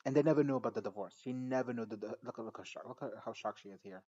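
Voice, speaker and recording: Male vlogger, casual reaction recap, animated and foul-mouthed, laughs a lot, average pitch, slightly dull lo-fi sound. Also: racing, no echo. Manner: animated and profane, laughs often, mimics characters. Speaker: YouTuber recapping a TV episode.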